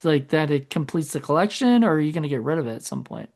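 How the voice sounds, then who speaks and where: A man's voice: a little high, big pitch swings, quick pace, darkish tone. A man co-hosting a podcast in casual chat, rambling and correcting himself as he goes. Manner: rambling, self-correcting, trails off. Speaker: podcast co-host.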